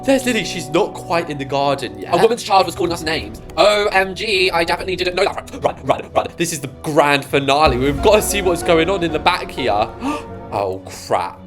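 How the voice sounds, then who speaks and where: A gaming YouTuber, giving excited, dramatic commentary full of gasps and quick reactions. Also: medium pitch, music in the background.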